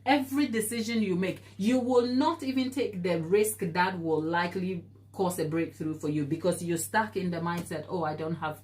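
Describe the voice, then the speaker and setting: A woman's voice: on the low side, normal speed, hardly any pauses, darkish tone. A woman hosting a live baking stream, talking earnestly and encouragingly as she answers viewer comments, laughing easily. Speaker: baking show host.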